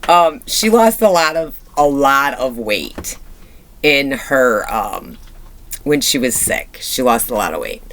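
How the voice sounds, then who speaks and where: A woman's voice: rumbling low, fairly bright tone. A woman in her thirties talking casually in a personal vlog, chatty and candid, with many fillers and restarts. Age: 30s. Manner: candid and reflective. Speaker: vlogger.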